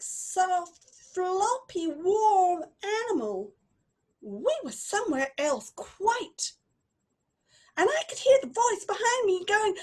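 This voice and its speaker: A woman improvising a story live, telling it dramatically with long pauses. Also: very high-pitched, darkish tone.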